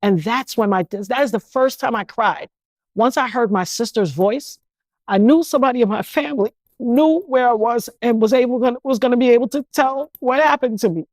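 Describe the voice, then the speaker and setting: A woman's voice: a little high, normal speed, darkish tone, no room sound, clean studio sound. A woman, telling her personal story as an interview guest, speaking emphatically with many restarts.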